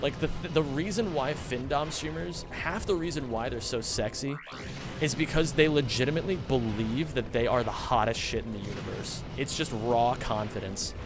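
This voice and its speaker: A man's voice: medium pitch, moderate pace, creaky. A young American man streaming, chatting casually and rambling with lots of fillers and swearing. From United States. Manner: rambling, swears freely, heavy use of filler "like". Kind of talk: casual chat during a game livestream. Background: background music.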